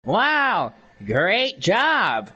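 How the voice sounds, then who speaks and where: A man voicing a creepy, cartoonish male schoolteacher from a game, in a low, slow, menacing drawl. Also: huge pitch swings, sharp tone, slightly rough, highs cut off, exaggerated voice.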